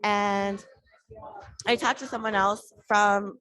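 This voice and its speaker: Podcast guest, female, lively storyteller who acts out quoted dialogue. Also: medium pitch, slow. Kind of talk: casual storytelling.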